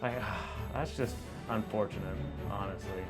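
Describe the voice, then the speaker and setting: A man's voice: fairly low pitch, fairly even intonation, unhurried, over loud music. A young man, a photographer, giving casual reaction commentary, rambling with lots of fillers and frequent laughter.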